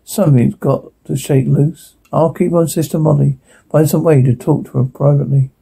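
An actor playing a blunt, cynical male police detective who swears and reasons out loud in a TV drama. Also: on the high side, steady tone, moderate pace, gravelly, breathy edge, exaggerated voice, rough recording. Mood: determined. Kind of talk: TV drama dialogue.

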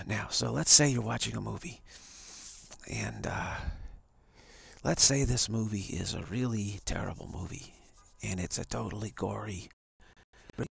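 A man's voice: lowish voice, measured pace, gravelly, a bit bright, breathy edge, no echo. A man on a live stream, telling a long hypothetical story in a rambling way with many restarts. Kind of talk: storytelling monologue. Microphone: home setup for a live stream.

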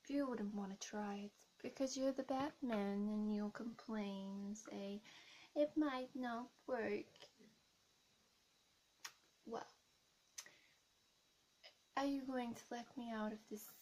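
A YouTube role-play creator with a fairly high voice whispers as a seductive, scheming female plant villain. She teases, flirts, blows kisses and coaxes slowly and hypnotically, and the recording is rough.

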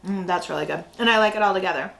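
A woman's voice: on the low side, rapid-fire, creaky, fairly bright tone, poor audio. A woman hosting a casual snack review, chatty and full of fillers as she thinks aloud. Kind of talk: casual food review chat.

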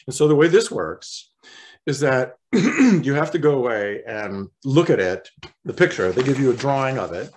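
A male voice actor chatting as an interview guest, relaxed and rambling, often clearing his throat. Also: medium pitch, normal speed. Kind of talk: casual interview chat.

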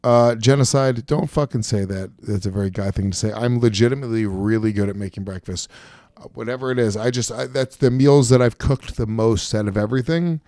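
A man's voice: medium pitch, fairly quick, hardly any pauses, mellow, no room sound. A man in his forties streaming a game, ranting and swearing in casual chat with a close desk mic. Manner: profane, ranting, self-mocking. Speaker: streamer and comedian.

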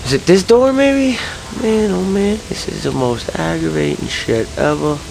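A man's voice: fairly high pitch, moderate pace, gravelly, a little mellow, slight background noise, poor audio. A man commenting casually while playing a video game, frustrated and swearing a lot. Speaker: let's-play gamer.

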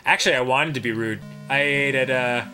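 A man co-hosting a comedy chat show, telling an animated story that bursts into shouted swearing. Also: medium pitch, a little fast, music in the background. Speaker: podcast co-host.

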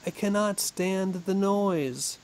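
Guy voicing a poor desperate dad in a kids storybook, slow pleading, a bit high. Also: heavy background noise. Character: poor desperate village father. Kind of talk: storybook reading for English learners.

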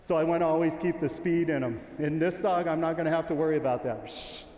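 A man's voice: a little high, fast, mellow, echoey room, in a large hall. A man giving a sheepdog training clinic, talking candidly and in a rambling way, with many restarts, while calling commands to his dog. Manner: calls commands to a working dog. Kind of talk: clinic talk to an audience. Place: large event arena.

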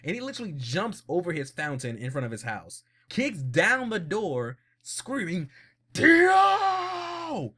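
A man recaps a show in a casual, blunt vlog, laughing often. His voice sits a bit high and swings a lot. He sounds animated throughout. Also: moderate pace, hardly any pauses. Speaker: vlogger.

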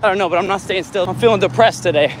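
A man's voice: high voice, very fast, slight background noise. A young man livestreaming himself running a marathon, out of breath, brash and joking, talking into a handheld phone outdoors. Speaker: vlogger livestreaming a run. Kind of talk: hyped livestream chatter. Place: outdoors on a city street in heat. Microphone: handheld phone camera.

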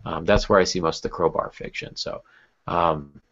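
A man's voice: low-pitched, steady tone, normal speed, creaky, fairly bright tone. A man hosting a casual podcast talk about writing craft, thoughtful, with many fillers and restarts. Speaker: podcast host. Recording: dull lo-fi podcast audio.

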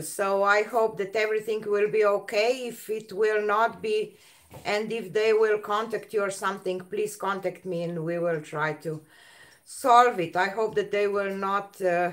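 A woman hosting an art live stream, chatting casually, greeting viewers by name and pausing often with fillers. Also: on the low side.

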